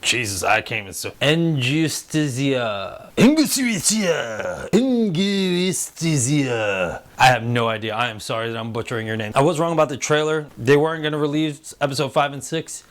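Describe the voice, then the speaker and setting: A man in his thirties hosts a casual review show at an ordinary, middle pitch. He talks loosely and swears freely. He slips into goofy voices when he quotes others. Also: brisk, hardly any pauses, fairly bright tone. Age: 30s. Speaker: host. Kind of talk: casual spoiler review chat.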